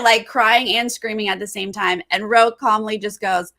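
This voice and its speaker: Animated, incredulous woman co-host. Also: a little high, a little fast, few pauses, raised voice. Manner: animated, incredulous, acts out quotes. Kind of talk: casual podcast chat.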